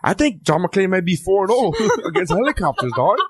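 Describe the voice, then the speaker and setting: A man's voice: high-pitched, big pitch swings, a little fast, husky. Male comedy podcast host, casual and profane, rambling delivery. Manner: profane, rambling, laughs often.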